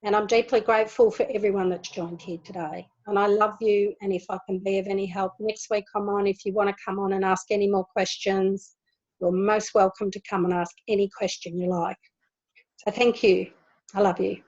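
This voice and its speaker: Woman, spiritual teacher, steady flat delivery, soft repetitions, dull video-call sound. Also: medium pitch, normal speed. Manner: gentle, repeats words for emphasis. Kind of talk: spiritual talk to an online group.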